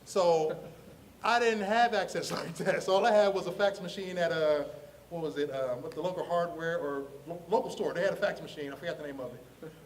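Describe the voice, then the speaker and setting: A man from Ohio, a comic artist telling his story in a lively, slangy way, laughing often and acting out the voices of the people in it. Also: fairly high pitch, a little fast, recorded from a distance, a little hiss or hum. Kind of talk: animated storytelling on a podcast.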